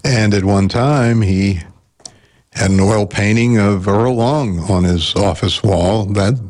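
A man hosting a public radio talk show, measured and informative. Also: lowish voice, darkish tone.

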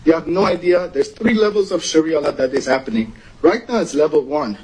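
A man's voice: fairly high pitch, lively intonation, a little fast, darkish tone, breathy edge, low-quality recording. A man from Iran giving an urgent, emotional public comment at a meeting.

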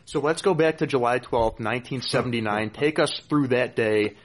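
A man's voice: mid-range voice, moderate pace. Man asking brief interview questions.

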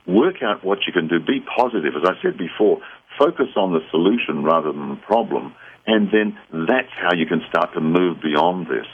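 A low, husky man gives earnest, reassuring advice on a call-in show. His voice comes over a thin, phone-like line. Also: lively intonation, moderate pace. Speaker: psychic guest. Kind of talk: radio call-in chat.

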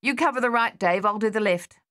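A woman voicing a steady, protective male soldier who speaks tersely and firmly. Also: mid-range voice, fairly quick, no room sound, studio quality, voice pushed up, lightly acted. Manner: terse, firm.

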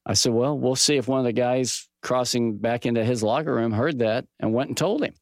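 A middle-aged man teaching from the Bible in a relaxed, folksy way, mixing scripture with a personal sports story and lively quoted dialogue. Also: mid-range voice, brisk, dry recording, clean studio sound. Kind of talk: conversational Bible teaching with stories.

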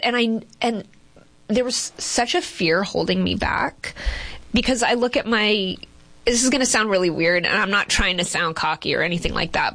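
Chatty, expressive woman in her forties. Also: medium pitch, creaky. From Boston, USA. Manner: chatty and expressive, quick laughs, frequent fillers. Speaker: guest, TV news reporter. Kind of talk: casual interview chat.

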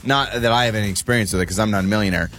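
A man's voice: on the low side, very fast, faint music behind. A man co-hosting a casual radio show, cracking jokes and getting worked up when he takes sides. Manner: joking, gets worked up and animated. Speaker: radio co-host. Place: radio studio.

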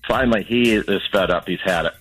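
A man's voice: deep voice, a little fast, a bit bright, faint music behind, rough recording. A man calling in to a radio show, rambling through a funny story, amused and acting out the lines he quotes. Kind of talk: casual storytelling.

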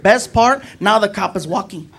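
A man's voice: high-pitched, normal speed, gravelly, husky. A man doing stand-up, telling a story and acting out the characters. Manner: animated, acts out characters. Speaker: stand-up comedian. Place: comedy stage. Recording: live audience laughter.

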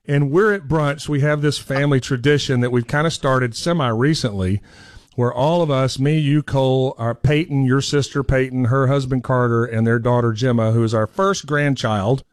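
A man's voice: mid-range voice, moderate pace, no room sound. A man, co-hosting a podcast, blunt and dryly teasing. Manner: blunt, dry teasing humor. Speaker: podcast co-host. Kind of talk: casual chat.

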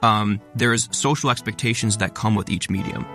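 A man who is a content creator, talking fast and stressing many words as he explains ideas in a conversational interview. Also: fairly low pitch, steady tone, a bit bright, faint music behind.

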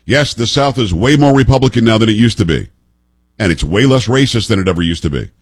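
A man in his fifties delivers opinionated political commentary with a husky voice that swings widely in pitch. He sounds emphatic and sarcastic and leans on rhetorical questions. The sound is dry and close. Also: animated, fast, dry recording. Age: 50s.

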